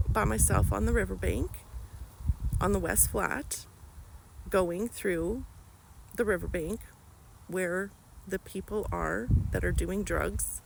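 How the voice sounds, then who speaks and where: A woman's voice: mid-range voice, vocal fry, very noisy. A woman talking in an emotional personal vlog, angry and blunt, swearing often. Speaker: vlogger.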